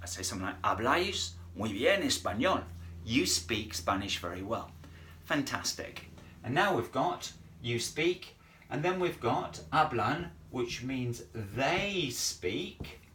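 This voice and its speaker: A man gives a Spanish lesson to camera, his voice crisp and bright. He talks in a chatty, encouraging way and mixes in dry jokes at his own expense. His pitch sits in the middle range for a man. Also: big pitch swings, slow, a little hiss or hum. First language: English. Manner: chatty, encouraging, self-deprecating humour. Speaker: Spanish teacher. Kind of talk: video language lesson. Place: in front of a whiteboard.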